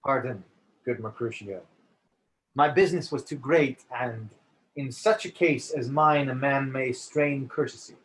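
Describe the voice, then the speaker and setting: A man reading the part of a young nobleman in a quick, bantering exchange of jests, during a cold read over a video call. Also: mid-range voice, fairly bright tone, a little hiss or hum, natural voice, poor audio. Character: lovesick young male nobleman trading jests. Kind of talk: cold read of a stage play.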